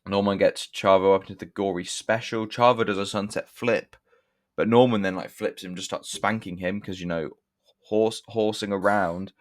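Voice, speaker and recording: A young man with a deep, low voice. He talks through a wrestling show in a rambling way, swearing casually and often breaking off to correct himself. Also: steady tone, normal speed. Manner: rambling, profane, self-correcting with restarts. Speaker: wrestling reviewer. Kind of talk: casual spoken review.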